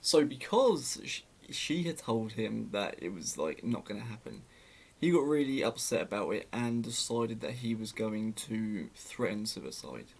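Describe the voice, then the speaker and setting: A man's voice: lowish voice, expressive, a little slow, vocal fry, darkish tone, breathy edge. A young man telling a story in a casual, sarcastic way, often laughing at it.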